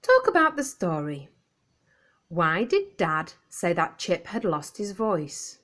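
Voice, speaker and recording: Slow, lively woman reading a picture book. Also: on the low side. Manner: clear, expressive read-aloud for young children. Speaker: storyteller.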